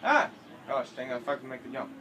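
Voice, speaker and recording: A man's voice: medium pitch, big pitch swings, fairly quick. A teenage boy giving casual, rambling commentary over a building game, often correcting himself and joking. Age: teens. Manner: rambling, self-correcting, jokey. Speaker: gameplay commentator. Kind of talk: casual let's-play commentary. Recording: noisy home recording.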